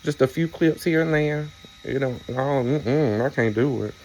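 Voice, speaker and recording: A man's voice: medium pitch, moderate pace, darkish tone, a little hiss or hum. A man, chatting casually to his viewers in a rambling, storytelling way with playful teasing asides. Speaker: vlogger. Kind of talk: casual chat to camera.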